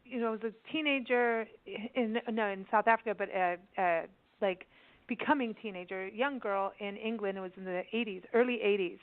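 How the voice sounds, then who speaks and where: A woman in her fifties who grew up in Kenya, an animated and talkative radio host who laughs often. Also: medium pitch, fairly quick. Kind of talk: casual radio interview. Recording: tinny phone-like sound.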